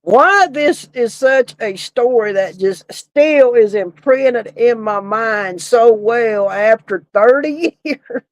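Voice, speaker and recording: A woman's voice: on the high side, slow, few pauses, no echo, low-quality recording. Laughing woman telling a story. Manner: laughs often while telling a story, swears casually. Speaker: podcast co-host, former funeral director. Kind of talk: casual storytelling chat.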